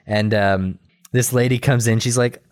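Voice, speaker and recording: A man in casual chat, retelling a cartoon episode in a rambling, animated way with quick quoted voices and laughter. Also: mid-range voice. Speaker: podcast co-host recapping a cartoon episode.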